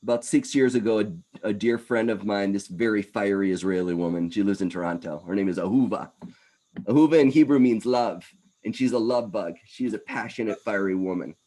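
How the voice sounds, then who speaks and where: A man in his fifties giving an energetic wellness presentation, animated and talking in quick bursts. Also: lowish voice. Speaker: wellness speaker. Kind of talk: presentation talk.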